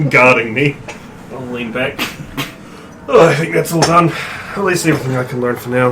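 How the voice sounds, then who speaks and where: A man playing a tabletop game, calmly narrating his character's actions. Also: mid-range voice. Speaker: player. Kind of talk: tabletop role-play chat. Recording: distant mic with background noise.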